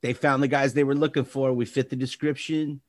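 A middle-aged man recounts wild tales in loose, profane casual chat, often laughing and mimicking others. His voice sits at an ordinary pitch. The sound is close and dry, with no room around it. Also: flat delivery, a little fast, no echo. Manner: swearing, laughing storyteller acting out cops.

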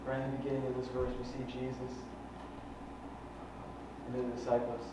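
A man's voice: medium pitch, completely flat delivery, normal speed. A man pastor preaching a sermon, fervent and conversational, with many rhetorical questions. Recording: echoey hall from far off, dull and faintly noisy.

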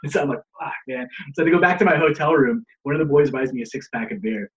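A man's voice: medium pitch, quick pace, muffled recording. Profane, laughing man telling wrestling stories. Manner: profane, laughing, acts out others' lines. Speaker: guest, pro wrestler. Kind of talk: casual storytelling.

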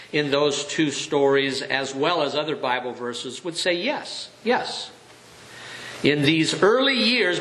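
A middle-aged man preaching a sermon, reading scripture aloud and explaining it slowly and earnestly. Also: fairly high pitch, pushed and bright. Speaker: pastor. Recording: echoey room.

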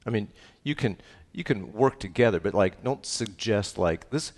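Pastor, middle-aged man, low voice, emphatic with jokes, repeats key lines. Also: normal speed, hardly any pauses. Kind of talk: sermon.

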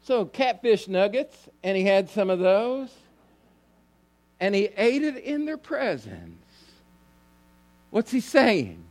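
In a fairly high male voice, a pastor tells the story within his sermon through animated, emphatic lines that build as he goes. He keeps turning to his listeners with direct questions, taking it slowly with long pauses.

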